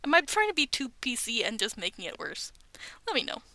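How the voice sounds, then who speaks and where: Woman, thirties, high voice, dry close sound, chatty story reader, whispered asides. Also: sing-song, fairly quick, pushed and bright, dry recording. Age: 30s. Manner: chatty, self-aware, often laughs and whispers asides. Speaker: streamer reading online stories. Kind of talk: casual reading with asides. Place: bedroom at home.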